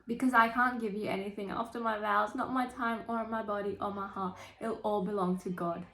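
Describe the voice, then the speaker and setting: A woman reading out a young woman's earnest, measured lines from a novel. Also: mid-range voice, echoey room. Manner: read aloud from a novel, calm and measured.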